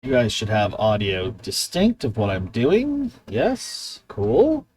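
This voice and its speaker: A woman's voice: very deep voice, sing-song, slow, a little mellow. A woman streamer chatting casually to herself and her viewers at the start of a live game stream, rambling and self-talking. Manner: rambling, self-talk, coos at her pet.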